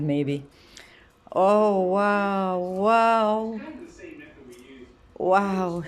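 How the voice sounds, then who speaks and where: A woman filming and cooing to her pet birds, gushing with frequent exclamations. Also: on the low side. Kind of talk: casual talk to camera and to pets.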